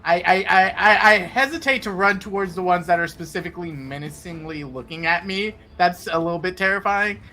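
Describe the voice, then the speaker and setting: A man's voice: sits high, brisk, hardly any pauses, bright, forceful tone. A man playing a tabletop game, hesitantly describing what his character does. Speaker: player.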